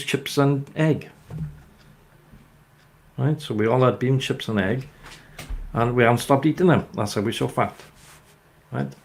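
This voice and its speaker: An older man with a Welsh accent, hosting a casual chat and telling rambling, jokey stories. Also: medium pitch. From Wales. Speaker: host.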